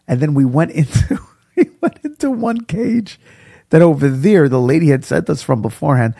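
A man's husky, gravelly voice teaches an informal Torah class in a dry, close recording. He is chatty and animated, weaving anecdotes together with Hebrew quotations. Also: fairly high pitch, normal speed, dry recording. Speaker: rabbi teaching Pirkei Avos.

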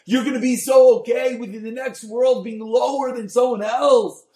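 A man, a rabbi, giving a Torah class on a Mussar text, mixing Hebrew terms into English and swinging from soft to loud. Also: very high-pitched, normal speed, reverberant. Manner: expressive, dynamic delivery, swings from soft to loud.

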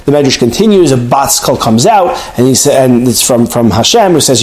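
A man's voice: mid-range voice, animated, fairly quick, darkish tone, low-quality recording. A man giving a Torah class as a rabbi, earnest, often restarting his words. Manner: earnest, with frequent stammered restarts.

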